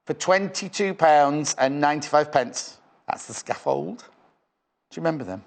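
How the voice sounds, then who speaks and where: A man's voice: fairly high pitch, animated, normal speed. A man presenting live on a shopping channel in a studio, with chatty, rambling sales patter.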